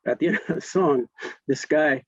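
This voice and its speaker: A man's voice: a little high, normal speed, husky, no room sound, lo-fi sound. A man in his fifties, a guest in an interview, telling a casual story with frequent restarts and laughs. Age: 50s.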